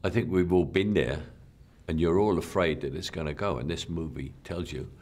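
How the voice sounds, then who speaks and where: An older man, an actor, talking reflectively in an interview, rambling and repeating words as he trails off softly. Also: low voice, moderate pace.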